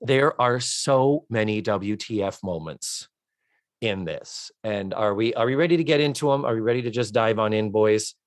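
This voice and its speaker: A man co-hosting a podcast, chatting casually and recapping scenes at a measured pace. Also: fairly low pitch, no room sound, studio quality. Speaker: podcast co-host. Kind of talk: casual chat.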